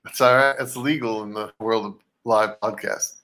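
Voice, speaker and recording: A man's voice: lowish voice, fairly even intonation, moderate pace, sharp tone. A man co-hosting a live podcast in casual chat, laid-back and joking, laughing often. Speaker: podcast co-host.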